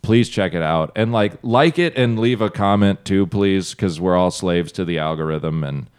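A man, a stand-up comedian, chatting as a podcast guest and telling loose, joking stories with quick asides. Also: low-pitched, darkish tone, smooth. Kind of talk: casual podcast interview.

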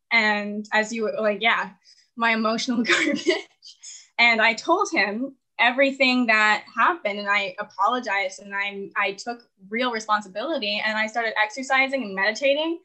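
Bright, high young woman rambling openly. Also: normal speed, rough recording. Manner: rambling, full of "like" fillers, laughs often. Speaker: caller seeking relationship advice. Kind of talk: casual confessional chat.

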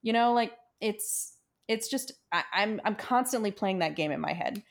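A woman's voice: mid-range voice, animated, moderate pace. A woman co-hosting a casual podcast, talking hesitantly and choosing her words with care, with many fillers and restarts. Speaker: podcast co-host.

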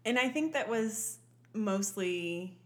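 A woman in her thirties talks in a casual chat with no regional accent at all. She is animated and quick to laugh, and her voice sits at a middle pitch. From Southern US. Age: 30s.

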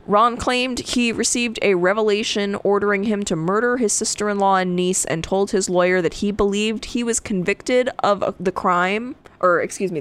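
A woman co-hosting a true crime podcast, reading case details in a casual way and breaking into profane, animated asides. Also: mid-range voice. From Connecticut. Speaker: podcast co-host.

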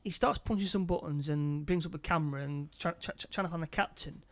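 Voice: medium pitch, quick pace. A speaker casually retelling a film's plot scene by scene, stumbling over and repeating words. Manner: stammering, repeats words often.

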